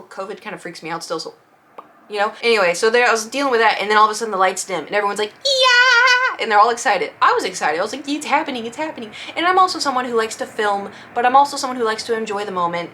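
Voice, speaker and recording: Young woman, bright high voice, animated storytime chat, faint room ambience. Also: a little hiss or hum. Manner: animated, acts out quotes in shifting voices. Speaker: vlogger.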